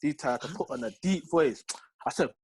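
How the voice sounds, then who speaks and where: A young man with a London accent, telling a story in an animated, slang-heavy way as a podcast co-host. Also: a little high, a little fast, slightly rough. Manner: slangy, lively, full of street slang tags. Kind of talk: animated storytelling in casual chat.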